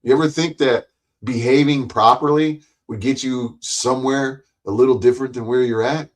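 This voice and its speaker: A man's voice: medium pitch, fairly even intonation, normal speed. A man, hosting his own live stream and ranting at his audience in a profane, combative, mocking way. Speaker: livestream host.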